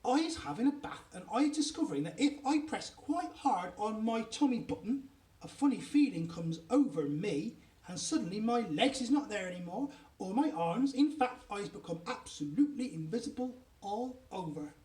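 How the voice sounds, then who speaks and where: A man reading aloud, voicing an excitable, boastful young boy who talks in broken grammar. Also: normal speed, roomy sound, far from the mic. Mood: boastful glee. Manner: ungrammatical giant-style speech, bursts high.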